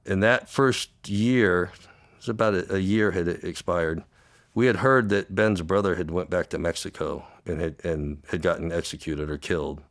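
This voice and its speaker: Male interview guest, former undercover cop: low voice, halting, repeats words, tearful, close dry sound. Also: dry recording. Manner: halting, repeats words, acts out quoted dialogue. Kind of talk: emotional storytelling.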